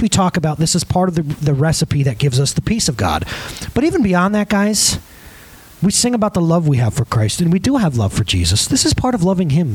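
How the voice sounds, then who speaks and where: A man's voice: on the high side, husky, low-quality recording. A male pastor preaching a conversational sermon, emphatic, often asking the congregation questions.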